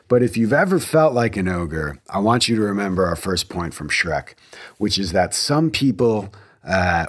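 Rambling enthusiastic man hosting a podcast. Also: lowish voice. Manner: enthusiastic, rambling, self-interrupting. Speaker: podcast host. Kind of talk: casual solo podcast monologue. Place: home garage.

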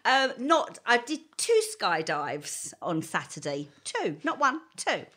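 A woman's voice: medium pitch, takes it slowly. A woman in casual chat, telling a story with lots of laughter and acted-out quotes. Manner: animated storyteller, laughs often, acts out quotes.

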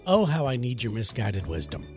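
A man's voice: mid-range voice, big pitch swings, moderate pace, over music. A man co-hosting a podcast in loose, joking chat, rambling and swearing freely. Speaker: podcast co-host. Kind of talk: casual podcast banter.

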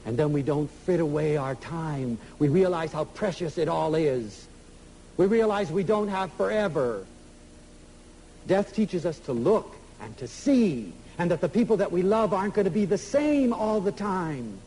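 Animated, high-voiced man lecturing. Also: a little slow, a little hiss or hum, poor audio. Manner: emotional, storytelling, swings from loud to soft. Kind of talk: inspirational lecture to an audience.

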